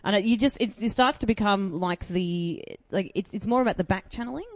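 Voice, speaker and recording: A young Australian woman guesting on a podcast, chatting casually with quick asides and frequent laughter. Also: mid-range voice, no room sound. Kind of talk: casual chat.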